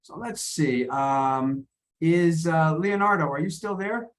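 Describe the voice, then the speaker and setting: A man's voice: fairly high pitch, slow. A man teaching an online pronunciation lesson over a video call, friendly and often repeating and restarting his words.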